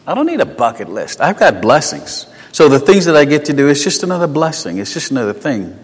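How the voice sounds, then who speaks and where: A man with a South African accent preaching a sermon. He talks conversationally and tells personal stories, moving between emphatic lines and hushed asides. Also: fairly high pitch, big pitch swings, fairly quick, breathy edge. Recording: long hall reverb.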